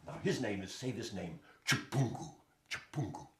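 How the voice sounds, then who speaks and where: A man voicing a bossy male lion king who gives loud, brisk orders. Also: lowish voice, echoey room, a little hiss or hum, close to an everyday voice. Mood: commanding.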